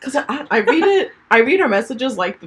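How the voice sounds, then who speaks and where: A young woman in her twenties co-hosting a podcast, chatting casually and telling animated stories with a husky voice. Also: high voice, normal speed, a crowd in the background. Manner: chatty, animated storytelling with laughs. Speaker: podcast co-host. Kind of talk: casual chat.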